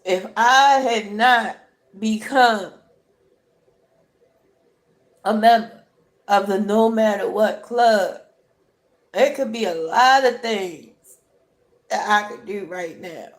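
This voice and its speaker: Woman, crying while talking, slow unhurried pace, emphatic and repetitive, motivational talk to camera. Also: medium pitch. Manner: emphatic, repetitive, keeps asking "right?". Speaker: vlogger.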